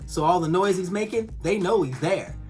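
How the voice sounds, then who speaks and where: A woman reviewing a TV episode in a casual, animated way, swearing and acting out the characters' lines. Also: on the low side, moderate pace, soft background music.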